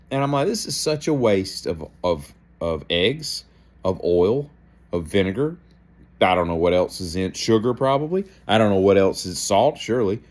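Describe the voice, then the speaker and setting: Animated man telling a rambling story. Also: on the low side. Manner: animated, self-deprecating, acts out gestures and inner thoughts. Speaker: daily show host.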